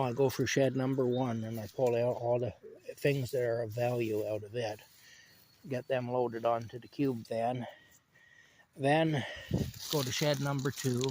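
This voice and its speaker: A man's voice: medium pitch, darkish tone, slight background noise. Rambling man telling a work story. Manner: rambling, repeats himself, frequent fillers. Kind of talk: casual spoken anecdote. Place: outdoors while picking strawberries.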